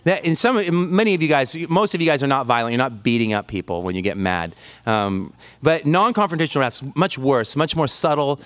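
A man's voice: mid-range voice, sing-song, a little fast, a bit bright. A man preaching a sermon, telling stories with self-deprecating humor. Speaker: pastor.

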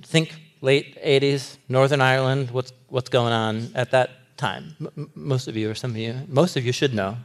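A man preaching a sermon in a loose, conversational way, animated and laughing often, with fillers. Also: mid-range voice.

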